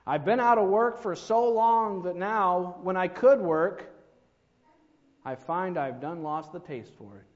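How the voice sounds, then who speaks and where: A man's voice: high voice, a little slow. A man voicing an old washerwoman who speaks in a hesitant, homespun drawl. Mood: sheepish. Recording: long reverb, dull lo-fi sound.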